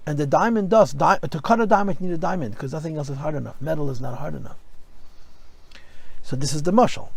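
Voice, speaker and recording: A man's voice: fairly high pitch, dry recording. Man teaching a Torah class. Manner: explanatory, storytelling asides, mixes Hebrew and Yiddish terms. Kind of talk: Torah lesson.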